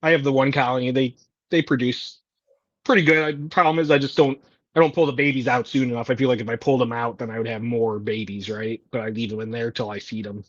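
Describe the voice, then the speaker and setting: A man's voice: mid-range voice, steady tone, quick pace, dry recording. Chatty man on dull, dry call audio. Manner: chatty, rambling, laughs easily. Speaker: guest. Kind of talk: casual livestream chat.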